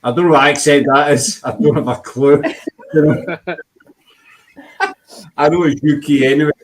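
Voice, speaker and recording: A man's voice: a little high, unhurried, rough recording. Jokey Scottish man hosting. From Scotland. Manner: jokey, self-mocking, laughs often. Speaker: host. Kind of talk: casual live show chat.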